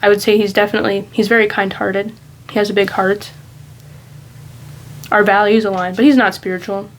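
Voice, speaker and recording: A woman's voice: medium pitch, level tone, fairly quick, a little hiss or hum, poor audio. A woman vlogger talking casually and candidly in a rambling, reflective monologue.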